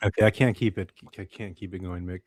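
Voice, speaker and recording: A man's voice: sits low, steady tone, fast, darkish tone, no echo. Wry, exasperated male stream host. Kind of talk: casual livestream chat.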